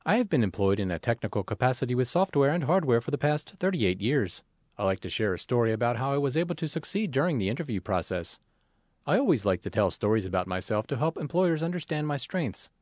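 A man reading a magazine article aloud in a measured, expressive way, as scripted narration. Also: medium pitch, no echo, clean studio sound.

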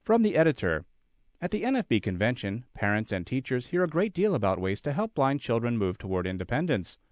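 A man reads a printed article aloud from start to finish, voicing each caption and bracketed note just as it appears on the page. His pitch moves a great deal and lively across each line, in a middle register for a man. The recording is dry and close, with no room sound around him. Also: fairly quick, no echo. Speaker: reader of a magazine article. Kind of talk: read-aloud article narration.

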